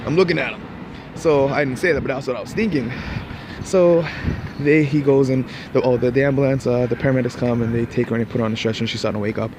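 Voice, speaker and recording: A man's voice: medium pitch, fairly even intonation, fast. Brief: man, casual vlog anecdote, meandering delivery with many restarts, mid-range voice, faint street traffic behind. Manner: rambling, restarts often, laughs at his own story. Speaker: vlogger. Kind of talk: casual storytelling.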